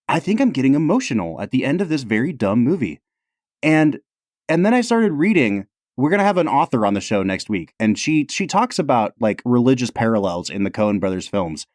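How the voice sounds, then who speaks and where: Dude on a podcast, earnest and worked up, swoopy pitch, dry sound. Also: male voice, moderate pace, no echo. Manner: earnest, excitable, says "like" a lot. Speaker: podcast co-host. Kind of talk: casual chat.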